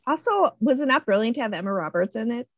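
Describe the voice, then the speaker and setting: Woman, casual film chat, animated, quotes characters in high voices, dry recording. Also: quick pace, no room sound. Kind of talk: casual movie discussion.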